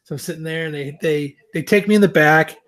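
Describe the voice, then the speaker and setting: A man co-hosting a podcast, telling a long story in a casual, animated, self-mocking way, with plenty of swearing. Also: fairly high pitch, quick pace. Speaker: podcast co-host.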